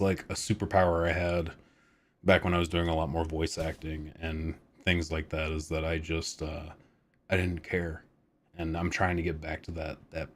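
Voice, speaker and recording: A man in his thirties chatting casually on a live stream, rambling, laid-back and swearing freely. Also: deep voice. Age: 30s.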